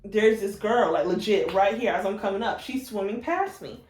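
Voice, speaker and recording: A young woman telling a casual storytime to her camera, animated and laughing through it. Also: mid-range voice, normal speed. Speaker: vlogger. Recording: roomy echo.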